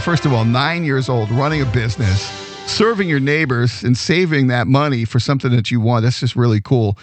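A man hosting a radio show, telling a good news story in a lively, chatty way with fillers. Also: medium pitch, fairly quick, music in the background. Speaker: radio host.

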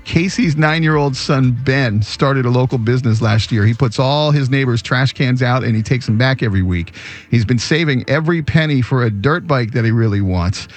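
A man's voice: medium pitch, moderate pace, soft background music. A man hosting a radio show, telling a good-news story in a conversational way with fillers. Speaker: radio host.

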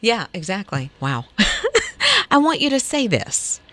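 A woman's voice: a little high, wildly swooping pitch, takes it slowly, bright, forceful tone, dry recording. A woman co-hosting a morning radio show, bubbly and coaxing, laughing often as she banters.

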